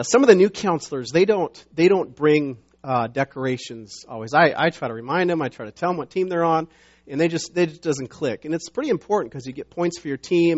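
A middle-aged man preaching a sermon as pastor, talking conversationally with many restarts and fillers, growing emphatic when he reads scripture. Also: fairly high pitch. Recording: dull lo-fi sound.

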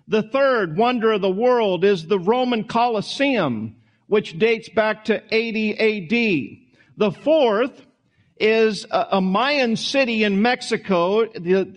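A man preaches to his congregation. His delivery is conversational and folksy, full of small asides and restarts, as if he is thinking aloud from the pulpit. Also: sits high. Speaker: pastor. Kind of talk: sermon.

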